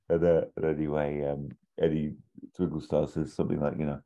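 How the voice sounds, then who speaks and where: A man casually pitching a comedic film sequel scene by scene, often popping into silly high character voices. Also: flat delivery, brisk, dark tone. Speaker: podcast co-host pitching an imagined sequel. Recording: dull lo-fi sound.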